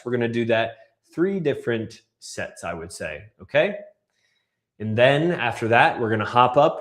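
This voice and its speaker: A man coaching a guided breathwork class, calmly cueing breaths and counting down holds. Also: fairly low pitch. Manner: calm, counts down and cues breaths.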